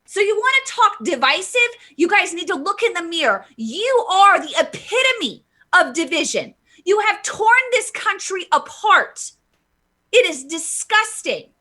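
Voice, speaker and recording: A woman's voice: very high voice, sing-song, measured pace, sharp tone. A woman hosting a live vlog, ranting heatedly with emphatic stress and stumbling restarts while reading viewer comments. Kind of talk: impassioned live political rant.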